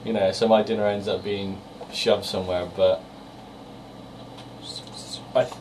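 A man's voice: lowish voice, little pitch movement, a little slow. A man, co-hosting a casual podcast chat, telling stories and laughing often. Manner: chatty storyteller, laughs often. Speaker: podcast co-host. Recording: distant mic with faint hiss.

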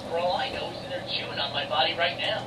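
A man's voice: on the high side, fairly even intonation, fast, natural voice. A man playing a crude, smug male soldier who keeps making innuendo, in a clip played on a podcast. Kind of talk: comic dialogue acting. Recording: distant, echoey clip with noise.

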